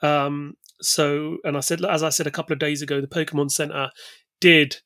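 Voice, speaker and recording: A man's voice: on the high side, level tone, brisk, a bit bright, no echo, clean studio sound. A man co-hosting a casual chat, enthusiastic and full of fillers. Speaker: co-host.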